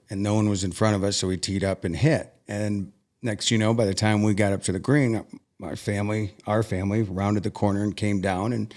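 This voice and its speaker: A man's voice: lowish voice, darkish tone. Earnest man telling a personal story. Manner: earnest and emotional, with frequent restarts. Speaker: podcast guest.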